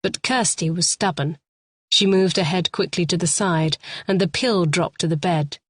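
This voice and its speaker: Female audiobook narrator, low register, tense measured delivery, dry studio sound. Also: dry recording. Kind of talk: scripted thriller narration.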